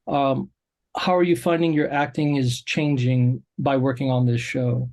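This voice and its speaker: A man interviewing a performer, encouraging and halting, with many fillers. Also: medium pitch, level tone, creaky, a little mellow. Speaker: interviewer, creative director. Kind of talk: casual interview.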